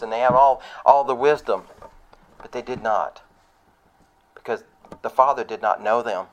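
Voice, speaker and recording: A man preaching a sermon in a conversational, emphatic way, full of rhetorical questions and mocking asides. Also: medium pitch.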